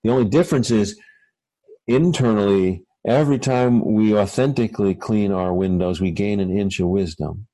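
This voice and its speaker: Low, mellow-voiced man musing haltingly. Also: no room sound, low-quality recording. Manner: halting, many fillers and restarts, musing. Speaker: guest author. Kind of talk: reflective conversational talk.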